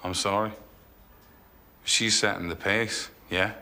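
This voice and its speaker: Weary police detective. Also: male voice, lowish voice, steady tone, takes it slowly, pushed and bright, exaggerated voice. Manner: weary, terse and defensive. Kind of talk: TV police drama acting.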